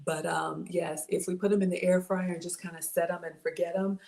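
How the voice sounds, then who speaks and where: A woman's voice: fairly low pitch, level tone, brisk, creaky, a little mellow. A woman hosting a home cooking livestream from her kitchen, chatting casually, reading out viewer comments and thanking people by name, often saying y'all. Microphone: camera.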